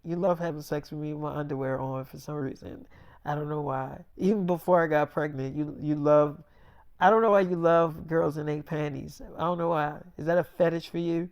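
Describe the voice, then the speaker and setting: A man's voice: on the high side, fairly even intonation, brisk, clear, resonant tone, no echo, studio quality, natural voice. A man voicing a young woman's lines as a pleading, defensive girlfriend who talks in whiny, insistent runs full of fillers. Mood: teasing.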